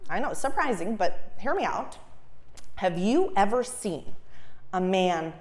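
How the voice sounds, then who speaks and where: Lively woman doing stand-up comedy. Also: medium pitch, measured pace. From Los Angeles, USA. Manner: animated, shrieks punchlines, laughs at own jokes. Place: comedy stage before a live audience.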